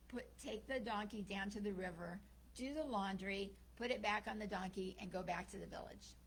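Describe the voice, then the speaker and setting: A woman minister giving a sermon, telling a story and acting out its characters' lines in a lively way. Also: mid-range voice, creaky, slight background noise, poor audio.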